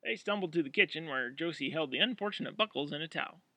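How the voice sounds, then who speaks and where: A man narrating an audiobook in an expressive, dramatic way. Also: fairly high pitch, fast, no echo.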